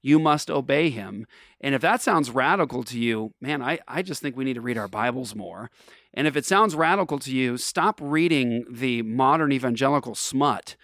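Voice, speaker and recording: A man's voice: mid-range voice, animated, moderate pace, fairly bright tone, no room sound, clean studio sound. A man hosting a faith radio show, talking in an earnest, emphatic, preacherly way. He sounds tired from travel. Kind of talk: casual faith talk.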